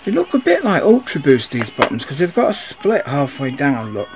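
Man, chatty unboxing vlog, animated up-and-down voice, faint music behind. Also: a little high, normal speed. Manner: rambling, grumbling and swearing at the camera. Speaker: sneaker vlogger. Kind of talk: casual unboxing chat.

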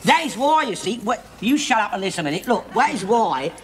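A blustering Cockney bigot. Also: male voice, sits high, very animated, a little fast. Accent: London Cockney. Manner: loud, opinionated, swears often. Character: blustering bigoted older London working man. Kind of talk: 1970s sitcom acting. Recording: old TV recording with hiss.

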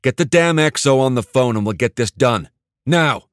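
A man's voice: on the low side, a little fast, dry recording, studio quality, lightly acted. A man narrating an audiobook and voicing a young male Marine officer who turns commanding and barks orders.

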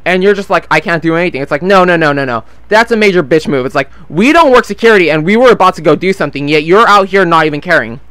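A man's voice: high voice, animated, fast talker, hardly any pauses, fairly bright tone, smooth, no room sound. A nineteen-year-old man telling a long story in a casual, rambling way while playing a game, swearing freely and losing track of names. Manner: rambling, swears freely, loses his train of thought. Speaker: gameplay vlogger. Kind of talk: casual storytelling over gameplay.

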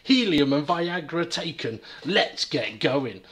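A man's voice: a little high, animated, slow, fairly bright tone, slight background noise. A man hosting a podcast, reading a script aloud in a plain, amused announcing manner. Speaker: podcast host.

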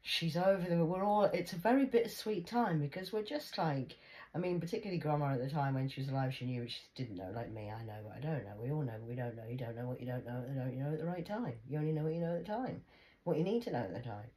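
Low-voiced rambling, swearing woman. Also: lively intonation, fast, dark tone. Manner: chatty, rambling, swears freely, jokey asides. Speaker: vlogger. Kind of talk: rambling personal monologue.

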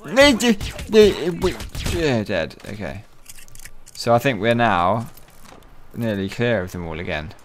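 A man giving profane, excitable, joking let's-play commentary. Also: mid-range voice, slow, a little hiss or hum. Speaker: gaming channel host.

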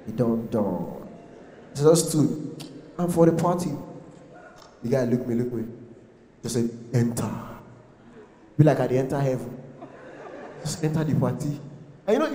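A man's voice: a little high, fairly quick. A young man with a Nigerian accent performing a stand-up comedy set, telling stories animatedly and slipping into pidgin while acting out the people in them. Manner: animated storytelling mixing pidgin, acting out voices. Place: large comedy venue with live audience. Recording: echoey hall.

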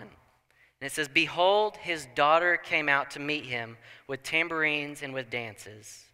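A young man preaching a sermon in a church, telling the story with animated asides and acting out people's thoughts. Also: fairly high pitch, unhurried, clear, resonant tone. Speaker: pastor. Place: church sanctuary. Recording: long church hall reverb.

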